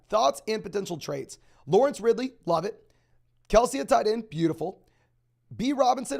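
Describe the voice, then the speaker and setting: A young man hosting a live stream, answering viewer questions in a rapid, auctioneer-like delivery. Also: high voice, creaky, a little mellow. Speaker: fantasy football host.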